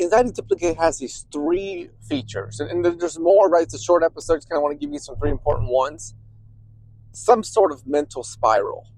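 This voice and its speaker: His voice sits a little high and carries some vocal fry, captured in a dry recording. He's a therapist hosting a podcast, explaining concepts like he's having a conversation and regularly asking "right?", and he drops to a softer, quieter tone when describing intuition.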